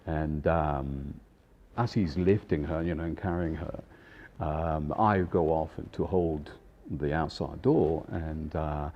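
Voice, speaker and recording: A man in his fifties, a chef, telling a casual anecdote in an animated way, acting out voices and laughing often. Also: rumbling low, takes it slowly, dull audio. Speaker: chef and storyteller.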